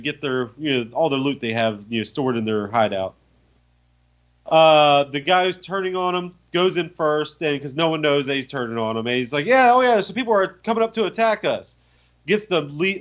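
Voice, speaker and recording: A young man co-hosting a podcast, retelling a tabletop game in animated, profane storytelling with lots of fillers. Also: a little high. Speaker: podcast co-host. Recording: muffled lo-fi audio.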